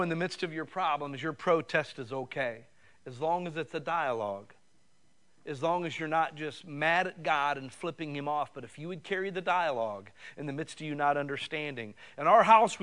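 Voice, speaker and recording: A man's voice: fairly high pitch, fairly bright tone. A middle-aged man preaching a sermon, conversational and rising at times to fervent, raised passages. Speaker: pastor.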